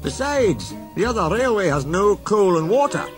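A man's voice: sits high, sing-song, normal speed, music in the background, pitched above the performer's own voice. A man voicing a sly, cheeky little tank engine who teases in an innocent-sounding way. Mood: teasing.

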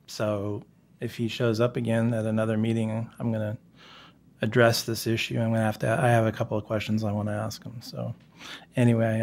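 Low, flat-voiced man speaking hesitantly. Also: a little hiss or hum. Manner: flat, hesitant, filler-heavy. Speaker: public commenter. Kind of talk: public comment at a council meeting.

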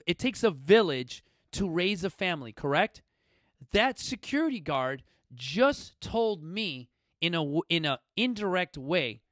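A man, hosting his own fitness talk show and telling a personal story in a direct, emphatic way that swings between loud bursts and quiet asides. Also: high voice, no room sound, clean studio sound. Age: 40s. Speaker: gym founder and podcast host. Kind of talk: motivational storytelling monologue. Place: coastal Southern California gym studio.

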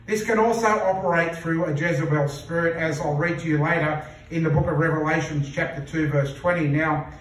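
Male pastor, earnest sermon delivery, high-pitched voice, heard from far off in a very echoey church hall. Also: fairly even intonation, fairly bright tone. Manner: earnest, repeats phrases for emphasis, slows to read scripture.

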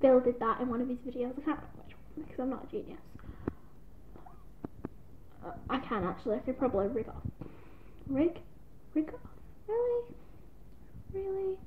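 A woman's voice: sits high, brisk, long pauses. A young woman vlogging in a rambling, self-deprecating casual chat to camera, recorded on a tablet. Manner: giggly, self-deprecating, scattered. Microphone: tablet built-in mic. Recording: tinny lo-fi tablet audio with faint hiss.

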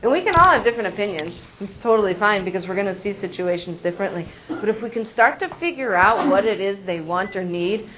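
A school psychologist presenting a parent training in a casual, conversational way, with frequent fillers and acted-out examples. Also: female voice, mid-range voice, lively intonation, quick pace, noisy background. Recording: dull, muffled sound.

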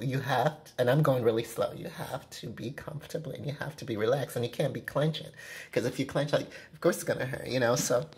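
Rambling woman venting to camera at home. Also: low-pitched. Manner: rambling, heavy use of "you know" fillers, frank. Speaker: vlogger. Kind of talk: casual vlog rant to camera. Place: own apartment, indoors. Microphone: camera at close range.

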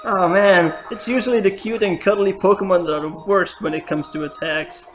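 A woman's voice: medium pitch, normal speed. A woman commentating her own gameplay, swearing and crying out at every setback. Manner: cursing and crying out at the game. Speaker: let's player. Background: faint game music.

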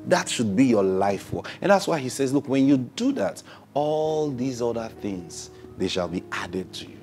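A man preaching a sermon, opening with prayer and acting out little dialogues, swinging from soft to loud. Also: mid-range voice, sing-song, normal speed.

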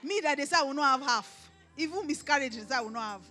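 High-voiced Nigerian woman pastor preaching. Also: quick pace, faint music behind. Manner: emphatic, animated preaching with rising shouts and mimicry. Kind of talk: conference sermon. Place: conference hall.

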